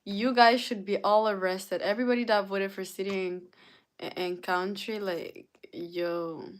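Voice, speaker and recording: A woman's voice: medium pitch, fairly even intonation, a little slow. A young woman hosting a livestream, chatting casually and teasing her viewers with playful, dramatic asides. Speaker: livestream host.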